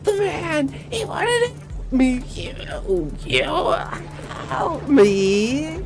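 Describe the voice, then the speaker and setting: A man shrieking as a rasping ghost girl. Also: very high voice, huge pitch swings, drawn-out words, music in the background, voice pushed up, full character voice. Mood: wailing demand. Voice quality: rasping, wailing. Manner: demanding, hissed threats.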